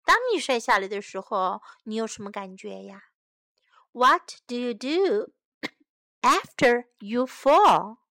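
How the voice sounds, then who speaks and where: A woman reading a bilingual children's story aloud slowly and gently, asking the young listeners questions and teaching English. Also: a little high, expressive, no echo, clean studio sound. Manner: slow, gentle, clearly enunciated.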